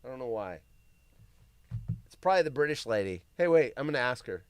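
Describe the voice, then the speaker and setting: A man's voice: mid-range voice, big pitch swings, brisk, clear, resonant tone, no echo. A man hosting a live show, chatting casually and reading odd news stories aloud with crude, rambling asides.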